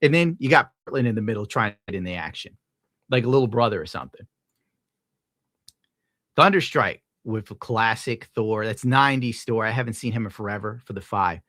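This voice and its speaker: A man's voice: fairly low pitch, lively intonation, brisk, fairly bright tone, no room sound, studio quality. A young man streaming, casually ranting and reading donations, profane and rambling. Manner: profane, rambling, laid-back. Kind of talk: casual rant to viewers.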